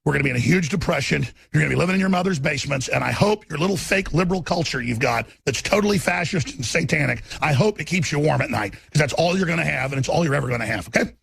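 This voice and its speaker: A man hosting a talk radio show, delivering a furious, shouting tirade with stammered restarts. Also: a little high, animated, fast, creaky, few pauses, breathy edge. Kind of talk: angry ranting talk radio monologue.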